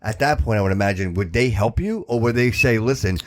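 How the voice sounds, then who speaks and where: A man's voice: on the low side, fast talker. A man co-hosting a podcast in casual chat, joking around and swearing freely. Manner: animated, jokey, swears freely.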